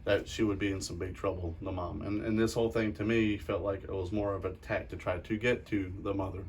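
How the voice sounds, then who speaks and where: A man's voice: deep voice, fairly even intonation, brisk, darkish tone, a little hiss or hum. A man who investigates the paranormal, talking bluntly and earnestly in an interview and often repeating himself.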